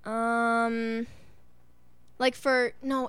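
Giggly, bright-voiced woman singer. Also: on the high side, fairly even intonation, takes it slowly, clear, resonant tone, no echo. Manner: giggly, playful, breaks into song. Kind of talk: casual chat.

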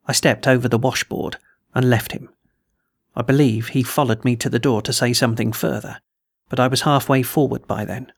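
A man, a podcast host reading a first-person sea story aloud in a measured storytelling manner. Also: medium pitch, fairly even intonation, vocal fry, slightly rough, no room sound, studio quality. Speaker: audiobook reader and podcast host. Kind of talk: audiobook narration.

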